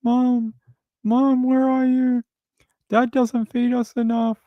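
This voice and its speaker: A man voicing a pet cat that whines for its owner to come home, in a high meowing plea. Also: level tone, slow, no echo, highs cut off. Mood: pleading.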